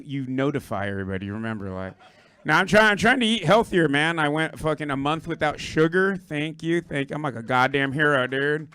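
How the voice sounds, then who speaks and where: A hoarse Puerto Rican-born man doing a rambling, profane stand-up set on a club stage, riffing with the crowd. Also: on the high side, pushed and bright, dry recording. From Puerto Rico. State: hoarse, lost his voice. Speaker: stand-up comedian.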